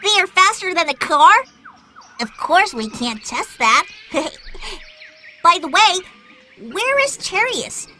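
Curious cartoon child, very high pitch, bright tone. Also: female voice, very animated, takes it slowly, a little hiss or hum, heavily acted. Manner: wondering, chatty. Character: curious young child adventurer. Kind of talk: cartoon voice acting.

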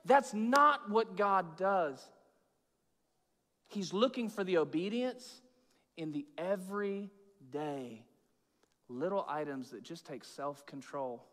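High bright-voiced guy preaching, goes loud then hushed, echoey church hall. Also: expressive, slow pace, long pauses. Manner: swings from loud emphatic bursts to low hushed asides; informal, chatty preaching with fillers and repeats. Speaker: pastor. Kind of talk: sermon. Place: church sanctuary with long reverb.

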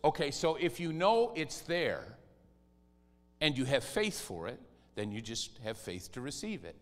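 A man preaching a sermon as pastor, animated and lively, sometimes mimicking whiny pleading voices. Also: medium pitch, measured pace, long reverb tail.

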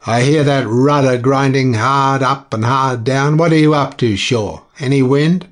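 Man voicing a deep sea captain, commanding, raised voice, from further off. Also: unhurried, close to an everyday voice. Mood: questioning. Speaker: ship's captain.

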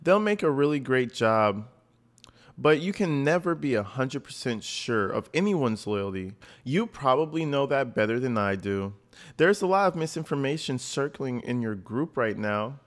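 Read-out role: a man voicing a hushed, pleading foreign woman writing anxious messages. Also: mid-range voice, expressive, moderate pace, lightly acted.

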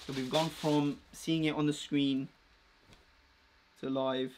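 A man's voice: a little high, flat delivery, slow, heavy background noise. A young man chatting casually and rambling with slang while unboxing a new clothing order on a live vlog. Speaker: fashion vlogger.

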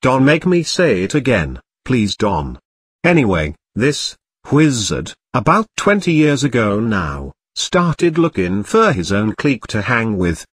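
A man voicing an excitable gruff giant groundskeeper with a broad rural dialect, reading a story. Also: medium pitch, measured pace, no echo, heavily acted. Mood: grave.

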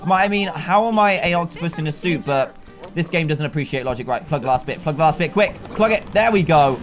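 High-voiced, excitable gaming commentator. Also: male voice, brisk, faint music behind. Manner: excitable, laughing, talks to himself about the game. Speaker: gaming YouTuber. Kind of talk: let's play commentary.

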